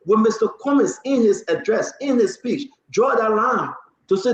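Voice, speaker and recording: A forceful man hosts a heated talk show, his voice pitched high. It comes through a dull, lo-fi line in an echoey room. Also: expressive, moderate pace. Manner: forceful, interrupting, pressing guests.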